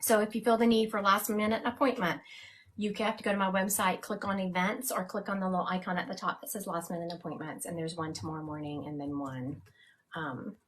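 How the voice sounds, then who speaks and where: A woman hosting a live stream as a psychic medium, chatting casually and laughing at herself. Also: mid-range voice.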